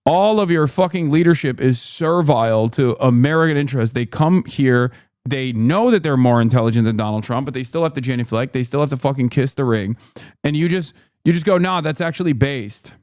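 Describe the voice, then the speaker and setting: A man's voice: mid-range voice, a little fast, darkish tone, no room sound, clean studio sound. A male streamer giving heated, profane political commentary, mocking and ranting. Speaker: streamer host.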